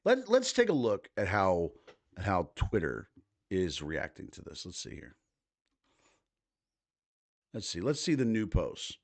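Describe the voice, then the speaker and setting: A man's voice: deep voice, wildly swooping pitch, measured pace, pauses often. A man in his thirties hosting a livestream, reading posts aloud and reacting with casual, profane commentary. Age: 30s. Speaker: livestream host.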